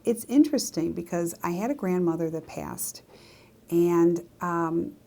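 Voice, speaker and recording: A woman's voice: on the low side, dark tone. Chatty woman telling a personal story. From Greek descent. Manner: chatty and confiding, with asides to the viewer. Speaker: psychic medium. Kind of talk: casual storytelling to camera.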